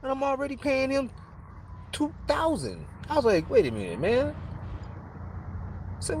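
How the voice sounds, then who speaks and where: A man's voice: very high-pitched, normal speed, pauses often, a little hiss or hum. A man, telling stories in a casual podcast chat and acting out the people he quotes. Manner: animated storytelling, acts out quoted people, laughs often. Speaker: podcast co-host.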